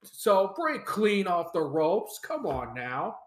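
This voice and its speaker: A man's voice: high voice, huge pitch swings, slow, reverberant. A man hosting a podcast, reading a rules memo aloud and adding emphatic opinion commentary. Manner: emphatic, mock-shouting quoted wrestlers. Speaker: podcast host.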